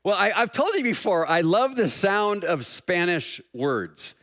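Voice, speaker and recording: A middle-aged man preaching a sermon as pastor, joking and self-deprecating with an animated delivery. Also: high-pitched, a little slow.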